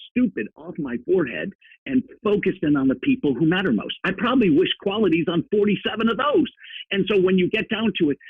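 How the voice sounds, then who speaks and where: A husky man whose pitch swings widely as he tells animated stories as an interview guest. His voice comes through a tinny, phone-like line with a dry, close sound. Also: no room sound. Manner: lively, acts out people in his stories. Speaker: guest, executive recruiter.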